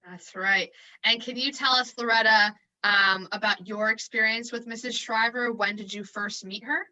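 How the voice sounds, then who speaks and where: A woman's voice: fairly high pitch, fairly even intonation, moderate pace, pushed and bright, highs cut off. A woman hosting a webinar and asking encouraging interview questions over a video call. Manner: encouraging, asks prompting questions.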